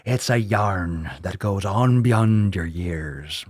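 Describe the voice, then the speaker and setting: A man voicing an old male pirate storyteller in a pub, with a put-on Irish pirate accent and a gruff, slow, yarn-spinning manner. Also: low-pitched, darkish tone, no room sound, clean studio sound.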